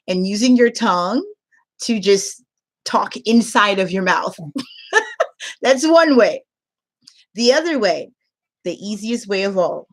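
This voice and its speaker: A woman English teacher giving casual tips in a playful, animated way, laughing often. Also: a little high.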